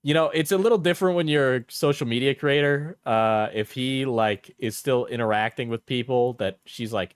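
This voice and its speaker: A man's voice: mid-range voice, normal speed, hardly any pauses, smooth, no room sound, clean studio sound. A man streaming live, casually rambling through his thoughts with restarts and trailing asides.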